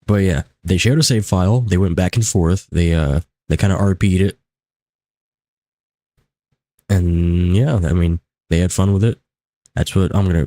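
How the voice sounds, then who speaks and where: A young man talks casually through a live gameplay stream, rambling and half talking to himself. His just-woke-up morning voice sits very low. A desk streaming mic picks him up dry and close. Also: mellow, no echo. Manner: casual, rambling, self-talk while playing. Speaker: livestreamer.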